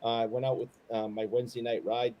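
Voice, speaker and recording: A man co-hosting a casual live stream, telling stories in a relaxed, rambling way with many fillers and pauses. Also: medium pitch, highs cut off. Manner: easygoing, rambling with fillers, earnest. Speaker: co-host.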